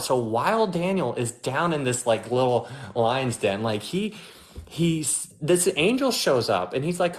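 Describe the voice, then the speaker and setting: A man giving a casual, animated Bible teaching as host, chatty and full of restarts. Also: mid-range voice, moderate pace.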